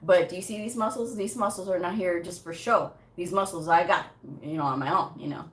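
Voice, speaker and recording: A woman giving a casual motivational talk to camera, chatty and animated, telling stories with quoted asides. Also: on the low side, brisk. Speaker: medical coding vlogger. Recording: echoey room.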